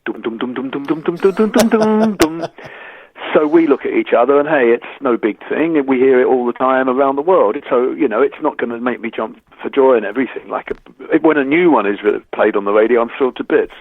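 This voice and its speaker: A man from England tells lively stories as an interview guest, slipping into the voices of the people he quotes and stumbling over restarts. His voice sits in a middle range. It comes through a dry, narrow, phone-like line. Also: mid-range voice, fast, few pauses, no room sound. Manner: animated storyteller, acts out quoted voices, stammers on restarts. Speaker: musician guest. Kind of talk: anecdotal interview chat.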